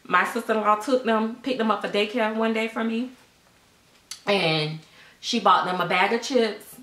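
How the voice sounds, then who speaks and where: A woman's voice: mid-range voice, moderate pace, bright, forceful tone. Chatty sassy woman in an echoey room. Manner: chatty, sassy, acts out voices in quotes. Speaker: vlogger telling a story. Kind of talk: casual storytime chat.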